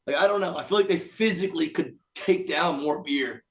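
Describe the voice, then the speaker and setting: Man, band member, casual storyteller, animated, slightly high voice. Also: brisk. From Philadelphia area, USA. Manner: animated, laughing, swears freely.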